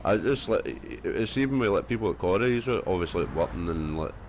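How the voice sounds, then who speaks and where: Young male streamer with a lowish voice: loose, sweary, filler-heavy chat. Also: expressive, brisk, a little mellow, a little hiss or hum. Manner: rambling, sweary, full of fillers. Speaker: gaming streamer. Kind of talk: casual chat while gaming.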